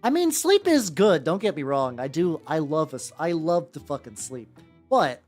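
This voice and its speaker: A man's voice: fairly high pitch, big pitch swings, normal speed, darkish tone. A man chatting casually on a live stream while painting miniatures, rambling, joking and swearing as he talks to viewers. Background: faint background music.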